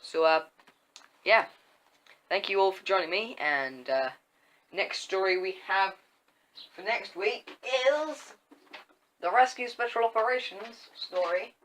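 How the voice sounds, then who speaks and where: Young guy reading his diary story out loud, bright sharp voice, keeps stumbling n restarting. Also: high-pitched, a little hiss or hum, poor audio. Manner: halting reading with frequent restarts. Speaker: story reader and channel host.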